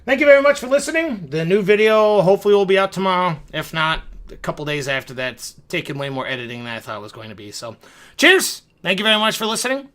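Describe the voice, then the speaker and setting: A man's voice: sits high, sing-song, quick pace, fairly bright tone. A young man telling a rambling, profane, self-mocking story straight to his viewers. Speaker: video creator. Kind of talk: casual storytelling monologue.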